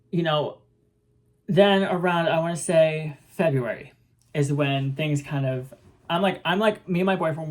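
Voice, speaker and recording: A young woman telling a casual storytime with lots of swearing, acting out what people said. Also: deep voice. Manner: animated, swearing, acts out quoted voices.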